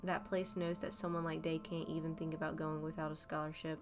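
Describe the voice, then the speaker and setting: A scornful teenage girl with a cutting, sarcastic bite, as a woman puts her on. Her voice is fairly low and kept flat. Music runs clearly underneath. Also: fairly quick. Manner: sneering, sarcastic.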